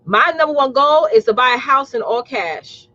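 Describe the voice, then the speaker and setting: A woman's voice: sits high, lively intonation, normal speed, bright, forceful tone, dull audio. Blunt, sassy woman coach. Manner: blunt, sassy, preachy, addresses audience as y'all. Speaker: business coach and talk show host. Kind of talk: live streamed motivational talk.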